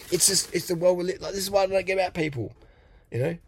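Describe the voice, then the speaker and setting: A man's voice: high voice, quick pace, slight background noise. A middle-aged man giving a blunt, profane motivational rant as a coach, mocking and laughing often. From Australia.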